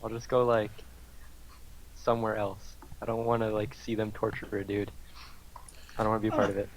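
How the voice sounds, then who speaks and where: A man's voice: on the low side, level tone, fairly quick, slight background noise, low-quality recording. A man speaking as a player in a casual tabletop game chat, hesitant and full of fillers.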